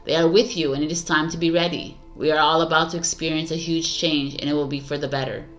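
A woman reading aloud the words of a calm female witch from a tarot deck, solemn and measured. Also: low voice, faint music behind, close to an everyday voice.

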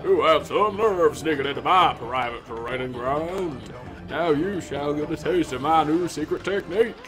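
A man's voice: a little high, moderate pace, music in the background, natural voice. A man voicing a pompous, boastful old male warrior with grand, theatrical delivery while reading game dialogue aloud.

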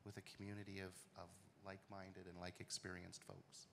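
A man on a panel talks about his lived experience, earnest, emotional and a little hesitant. His voice is very low. It rings in a large hall, with faint noise behind it. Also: completely flat delivery, brisk, creaky. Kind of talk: candid panel talk.

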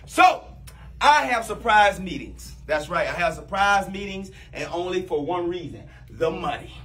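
A man playing a new boss in a comedy sketch, bossy, loud and teasing, with big swings in pitch. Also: very animated, unhurried.

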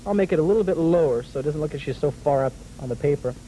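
A man's voice: fairly high pitch, lively intonation, rapid-fire, mellow, slight background noise, low-quality recording. A man hosting a children's drawing lesson, talking his young viewers through each step with patient, encouraging questions and frequent chuckles. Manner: chuckles often while drawing.

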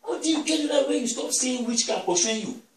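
Male preacher, lively pitch swings, far off in an echoey church. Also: fast. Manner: storytelling that swells into shouted declarations. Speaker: apostle preaching. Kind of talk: sermon. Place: church hall. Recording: echoey church hall, distant mic.

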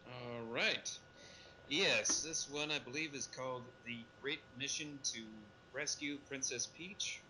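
A man's voice: mid-range voice, unhurried, bright, forceful tone, a little hiss or hum, low-quality recording. A man co-hosting a casual podcast discussion, rambling and correcting himself as he goes. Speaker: podcast co-host.

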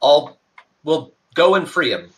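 Slightly high-voiced male player. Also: expressive, takes it slowly. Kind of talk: casual tabletop play.

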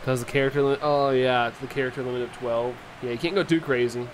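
A man's voice: mid-range voice, fairly even intonation, fast talker, a little hiss or hum. Rambling young man streaming a game. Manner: rambling, filler-heavy, laughs often. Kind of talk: casual chat while playing, reading chat.

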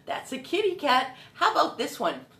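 A woman's voice: high-pitched, huge pitch swings, moderate pace. Woman singing to children, echoey room. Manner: encouraging, addresses children as friends. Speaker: children's music host. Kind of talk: singing and teaching young children. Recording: echoey room with loud guitar.

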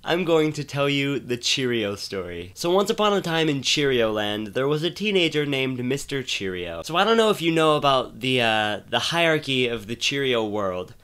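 Male storyteller, mid-range voice, rambling deadpan delivery of a silly tale. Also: medium pitch, moderate pace, hardly any pauses, smooth. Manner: rambling, many fillers and restarts, deadpan build-ups. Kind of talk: casual comic storytelling.

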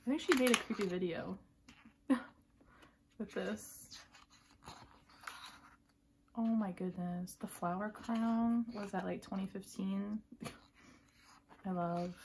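A woman with an everyday mid-range voice chats through an unboxing, gushing and excitable. She keeps sliding into hushed, breathy whispers. A faint hiss sits behind her. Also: medium pitch, very slow, pauses often. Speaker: vlogger unboxing a photobook. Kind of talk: casual unboxing commentary.

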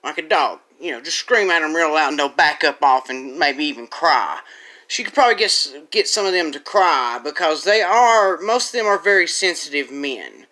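A woman's voice: low-pitched, lively intonation, moderate pace, pushed and bright. A woman commentator delivers an angry rant to camera. She is crude and profane, rambling through her points and restarting sentences as she goes. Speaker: online commentator.

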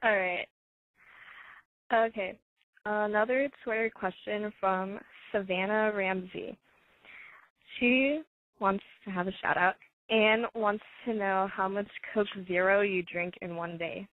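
A woman co-host reads listener questions in a slow, unhurried way. The sound is dry and tinny, like a phone line. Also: medium pitch, steady tone, no echo.

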